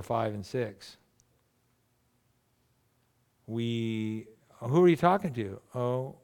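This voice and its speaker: Gravelly-voiced male pastor preaching casually. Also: medium pitch. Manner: conversational, animated preaching with asides and acted-out quotes. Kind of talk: sermon.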